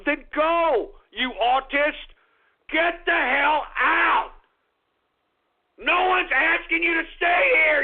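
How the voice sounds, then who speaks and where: A male talk radio host tears into his listeners with a shouting, abrasive rant. His voice sits very high with a gravelly rasp. It comes through thin and tinny, like a phone line.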